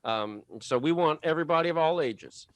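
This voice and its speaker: A man's voice: a little high, expressive, fairly quick, no echo. A man hosting a podcast, talking in an upbeat, chatty way with frequent "uh" fillers. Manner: upbeat, talkative, many "uh" fillers. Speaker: podcast host. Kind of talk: casual podcast chat.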